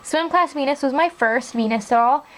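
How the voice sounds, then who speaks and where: A young woman with a high, light voice talks through her collection in a relaxed, chatty way. She gushes with "like" and "really, really," the easy show-and-tell tone of a hobby vlog. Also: moderate pace, slight background noise, low-quality recording. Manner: chatty and enthusiastic, with frequent "like" and "really, really". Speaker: doll collector vlogger. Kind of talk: casual show-and-tell narration.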